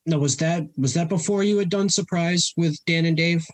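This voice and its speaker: Husky-voiced, laid-back interviewer. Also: medium pitch, normal speed. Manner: relaxed, hesitant with fillers, laughs along. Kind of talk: casual interview chat.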